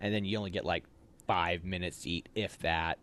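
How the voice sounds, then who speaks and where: An American man telling army stories in a casual, animated way, with loud barked drill commands now and then. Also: sits low, brisk. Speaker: officer candidate telling stories. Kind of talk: casual storytelling.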